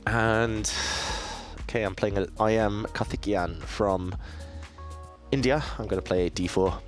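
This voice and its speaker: A man with a low, deep voice talks through his chess moves on a live stream. He thinks aloud, chats easily with his viewers and pokes fun at himself. Soft music plays faintly behind him. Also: steady tone, measured pace. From southeast England. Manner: thinks aloud, self-deprecating, chatty with viewers. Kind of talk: casual live-stream commentary while playing.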